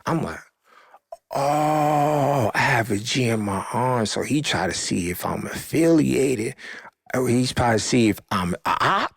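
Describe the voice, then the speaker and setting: A young man hosting a podcast, telling a story in casual, animated fashion and acting out the voices of people he quotes. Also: medium pitch, creaky, slightly rough, no room sound, studio quality. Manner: animated, acts out quoted voices, rising loud when excited. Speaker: podcast host.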